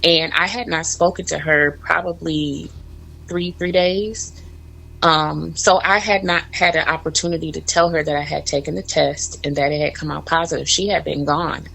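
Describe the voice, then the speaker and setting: A woman's voice: deep voice, steady tone, moderate pace, gravelly, a bit bright, husky, low-quality recording. A woman in her forties, a guest in a radio studio, telling a heartfelt story about motherhood while holding back tears. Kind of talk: emotional personal story.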